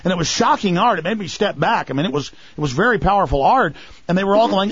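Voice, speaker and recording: A male radio talk show host in a heated conversation, excitable and mocking, often mimicking people in a high falsetto. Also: quick pace, slightly rough, no echo. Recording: muffled radio broadcast sound.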